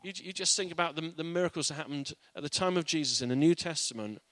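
A man's voice: on the high side, quick pace, a bit bright, dry recording. A man giving an informal, earnest Bible teaching in a conversational way.

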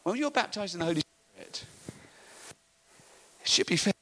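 A middle-aged man preaching a sermon, telling animated stories and laughing often. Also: high-pitched, moderate pace.

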